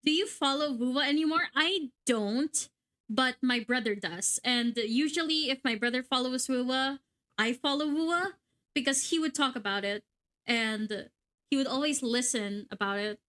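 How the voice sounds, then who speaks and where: A young woman livestreaming a game, chatting excitedly and swearing casually at her gear. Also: high-pitched, normal speed. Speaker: VTuber streamer.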